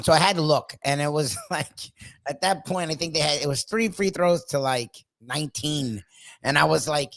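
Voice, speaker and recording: A man's voice: fairly high pitch, lively intonation, moderate pace, gravelly, a bit bright, dry recording. A man co-hosting a sports talk show, ranting emphatically and swearing often. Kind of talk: casual sports talk with a co-host.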